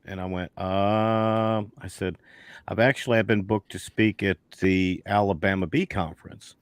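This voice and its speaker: Low-voiced man telling rambling stories. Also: slow, no echo. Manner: rambling storyteller with many restarts. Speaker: guest beekeeper. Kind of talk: casual chat on a video call.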